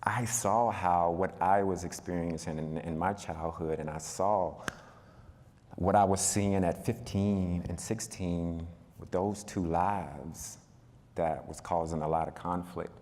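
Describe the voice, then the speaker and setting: A man on a panel telling a personal story, talking in a relaxed, conversational way with a lot of fillers. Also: low-pitched, slow pace. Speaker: panel speaker. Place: event hall. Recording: reverberant hall.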